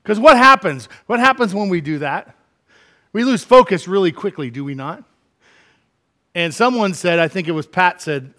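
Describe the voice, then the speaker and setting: A middle-aged man preaching a sermon, animated, acting out quoted complaints with big swings from quiet to loud. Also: high voice, moderate pace. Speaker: pastor.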